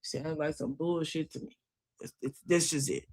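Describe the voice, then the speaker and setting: A woman's voice: sits low, fairly even intonation, normal speed, a little mellow. A woman recapping a reality TV episode in a casual, gossipy style, retelling scenes with sassy asides and frequent laughter. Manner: breaks into laughter often.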